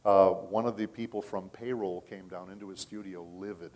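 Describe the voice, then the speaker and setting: Chatty low-voiced man at a panel. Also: steady tone, moderate pace, hardly any pauses, a little mellow. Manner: storytelling, chatty, checks in with the audience with "okay?". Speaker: voice actor and convention panelist. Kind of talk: casual panel talk. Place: convention panel room.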